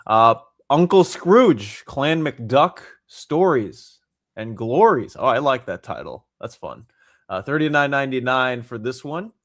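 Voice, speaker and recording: A man hosting a podcast in casual chat, reading out comic titles and prices with frequent filler pauses. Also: medium pitch, big pitch swings, fairly bright tone, dry recording, clean studio sound. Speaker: podcast host.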